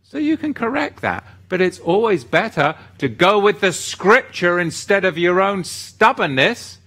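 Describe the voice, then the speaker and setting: Animated, fired-up male livestream host. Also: a little slow. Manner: animated, gets fired up and swings his pitch. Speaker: host of a religious livestream, reading viewer comments. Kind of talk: casual livestream chat with scripture talk.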